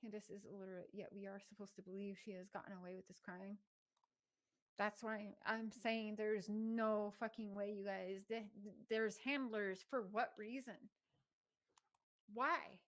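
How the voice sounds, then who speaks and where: A woman's voice: medium pitch, flat delivery, measured pace, low-quality recording. A woman giving casual commentary, reading text messages aloud and talking indignantly with some swearing. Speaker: true crime commentator.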